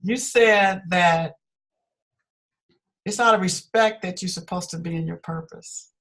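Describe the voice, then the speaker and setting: A woman hosting an interview, calm and reflective as she sums up her guest's ideas. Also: lowish voice, normal speed. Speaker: host.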